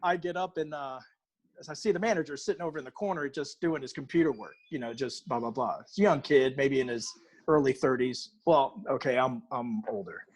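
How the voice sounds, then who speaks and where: A man's voice: mid-range voice, brisk. A middle-aged man, a guest barbecue cook, telling a story in casual chat and acting out both sides of it.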